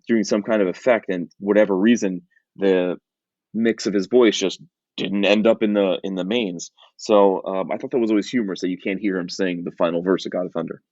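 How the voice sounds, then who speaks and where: A man's voice: lowish voice, darkish tone, no echo, muffled recording. A man co-hosting a podcast in casual chat, rambling and chatty with many fillers and restarts. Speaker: podcast co-host.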